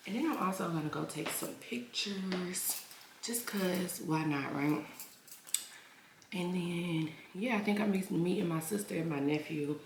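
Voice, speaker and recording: A young woman, vlogging in a chatty, emphatic way and repeating her lines. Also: lowish voice. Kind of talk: casual chatty vlog. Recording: echoey room with clear background noise.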